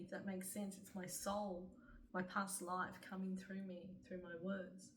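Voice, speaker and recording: A woman's voice: fairly low pitch, a little slow. Woman telling a story from a distant mic. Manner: earnest, animated retelling with frequent fillers. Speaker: author. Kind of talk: personal storytelling. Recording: distant mic, faint room noise.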